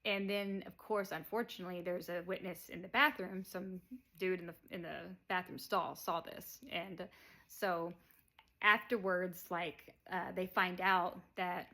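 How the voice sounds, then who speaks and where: A woman's voice: fairly low pitch, steady tone, unhurried, bright, forceful tone. A woman casually retells a movie plot in a rambling way. She leans on fillers and chuckles now and then. It sounds unscripted and easygoing. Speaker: movie reviewer.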